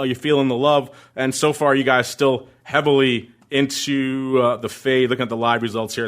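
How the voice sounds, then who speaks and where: A man's voice: mid-range voice, fairly bright tone. A man hosting a podcast in casual chat, joking and laughing as he reads listener messages. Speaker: podcast host.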